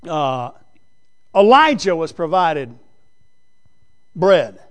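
A man preaching a sermon as pastor, swinging between loud emphatic lines and low, quiet earnest talk. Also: big pitch swings, extremely slow, smooth.

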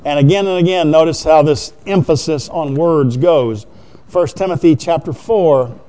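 A man's voice: on the high side, normal speed, dark tone. A man preaching a sermon as pastor, talking in a conversational way and putting frequent questions to the congregation.

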